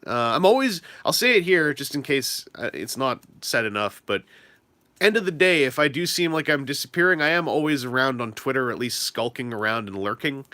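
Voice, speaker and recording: Streamer type: young guy, bright and animated, chatty and self-deprecating, close dry mic. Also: mid-range voice, a little fast, dry recording. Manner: rambling, self-deprecating, lots of fillers. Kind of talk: casual livestream chat.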